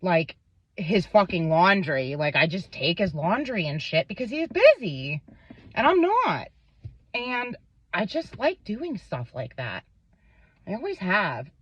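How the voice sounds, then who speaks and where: A woman's voice: fairly low pitch, very animated, slow, breathy edge, dry recording. A young woman vlogger telling a personal story, rambling, swearing often and stumbling over her words. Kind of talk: emotional storytelling to camera. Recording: dull lo-fi sound.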